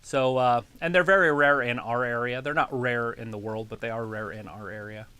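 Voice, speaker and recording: A man's voice: mid-range voice, fairly even intonation, normal speed, pushed and bright, smooth, dry recording. A man co-hosting a casual livestream, making dry offhand remarks while watching along. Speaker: livestream co-host.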